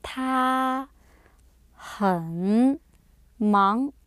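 A woman models pronunciation for a language class, saying each word with careful, deliberate enunciation. She speaks extremely slowly in a fairly high voice. The recording is dry. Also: fairly bright tone, no room sound. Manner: slow, carefully enunciated single words.

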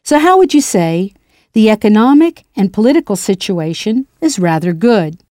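Mellow woman teaching a language lesson. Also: mid-range voice, very animated, normal speed, no echo, clean studio sound. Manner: clear, playful, spells words out letter by letter. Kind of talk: scripted lesson narration.

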